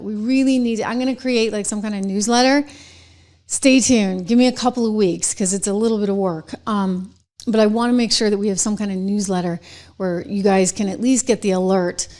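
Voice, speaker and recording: A middle-aged woman hosting her own live online show, chatting casually with viewers and laughing often between stories. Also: on the high side.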